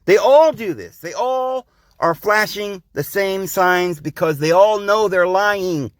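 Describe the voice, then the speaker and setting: A man with a high voice hosts a podcast in a rambling, insistent monologue. He keeps addressing the listeners as guys and friends. The recording is close and dry, with no room sound. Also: slow pace, no room sound. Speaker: podcast host. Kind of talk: preachy monologue.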